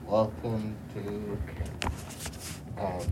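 A woman's voice: rumbling low, little pitch movement, very slow, background noise. A woman co-hosting a playful home show, talking in a giggly, put-on British accent. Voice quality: giggly, mock-posh. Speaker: co-host.

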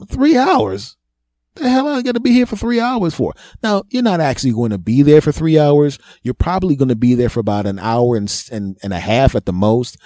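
A man's voice: medium pitch, mellow, dry recording, studio quality. A man hosting a podcast, delivering a profane, self-mocking comedic monologue. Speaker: podcast host.

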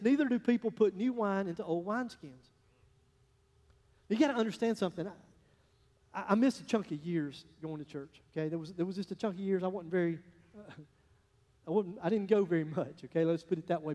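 High-voiced pastor in an echoing hall. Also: male voice. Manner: folksy storytelling, animated swings between loud and hushed. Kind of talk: sermon. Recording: echoey hall, long reverb.

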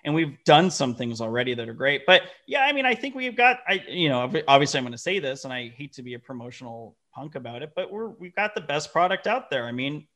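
A man, a company founder guest telling lively, profane stories in a casual interview. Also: a little high, fast talker, few pauses. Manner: animated, profane, acts out quoted dialogue.

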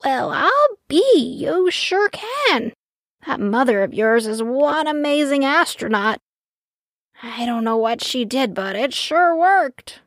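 A woman voicing a folksy, delighted grandmother in a children's audio story, with a slow drawl. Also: sits high, big pitch swings, a bit bright, no room sound, clean studio sound, heavily acted.

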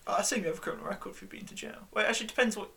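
A man's voice: high-pitched, racing, vocal fry, bright, forceful tone, slightly rough. A man in casual conversation, rambling through ideas with frequent restarts and fillers. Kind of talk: casual chat.

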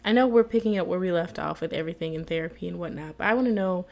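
A woman's voice: on the low side, very fast, gravelly. Chatty laughing woman recapping a show. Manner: chatty and expressive, laughs often. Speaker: TV episode reviewer. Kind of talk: casual episode recap.

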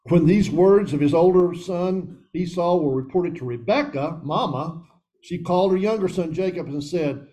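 A man's voice: sits high, moderate pace, dark tone, low-quality recording. A man leading a men's Bible study, reading scripture aloud and commenting earnestly, calling his listeners guys.

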